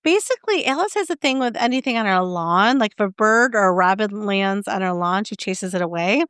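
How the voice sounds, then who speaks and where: A woman co-hosting a podcast, chatting casually and telling lively stories. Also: mid-range voice, brisk, clean tone, dry recording, studio quality. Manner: chatty, animated storytelling with laughs. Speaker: podcast co-host. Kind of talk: casual chat.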